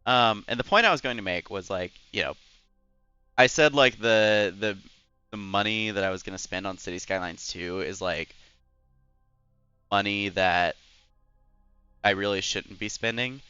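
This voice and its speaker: A man's voice: lowish voice, unhurried, long pauses, sharp tone, smooth, dry recording, muffled recording, soft background music. A young man who is a Twitch streamer, rambling in casual chat while gaming and filling his talk with "like" and "anyways.". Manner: rambling and chatty, full of "like" and "anyways".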